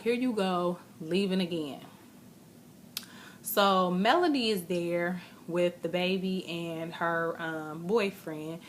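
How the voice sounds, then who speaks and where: A chatty woman with a fairly low voice talks casually through a recap of a show, slipping into what people said. A faint hum sits behind her. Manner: chatty, retells scenes with quoted voices. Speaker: vlogger recapping a reality show.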